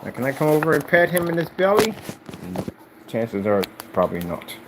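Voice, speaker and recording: Animated man rambling to camera. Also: a little high, moderate pace, background noise. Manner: rambling, emphatic, repeats himself. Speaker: vlogger. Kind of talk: casual chat to camera.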